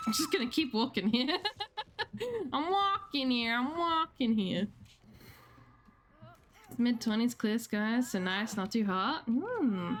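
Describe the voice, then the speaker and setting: A woman livestreaming a game, chatting with her viewers in a relaxed, unhurried way. Her voice sits fairly high and moves a lot in pitch. She answers their messages as she plays and swears casually. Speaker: streamer. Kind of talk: casual gaming livestream chat.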